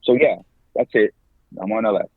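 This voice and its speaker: A man in his forties, a podcast guest and campus minister, talking in a lively, slangy way and laughing often. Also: on the low side, moderate pace, husky, no echo. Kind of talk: casual interview talk. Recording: tinny phone-like line, dry.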